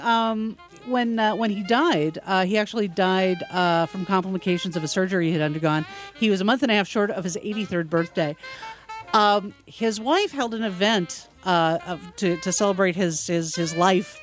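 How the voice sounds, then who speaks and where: A woman's voice: medium pitch, normal speed, faint music behind. Lady cohost reading off fun facts, lots of uh's, easygoing. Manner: relaxed, reads off facts with hesitant fillers. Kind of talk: casual chat.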